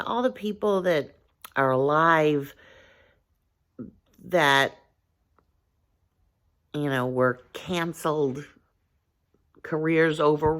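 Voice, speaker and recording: A woman's voice: fairly low pitch, creaky, a bit bright. A woman vlogger talking casually to her viewers, earnest and rambling, thinking aloud with frequent restarts and filler phrases. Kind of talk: casual talk to camera.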